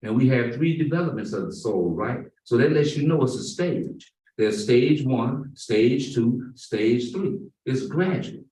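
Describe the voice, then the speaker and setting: A man's voice: medium pitch, expressive, mellow. Guy preaching a friday sermon, leans hard on words, voice bouncing round a big room, mic a ways off. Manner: emphatic, slow and drawn-out on key words. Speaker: imam. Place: mosque prayer hall. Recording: roomy echo, far from the mic.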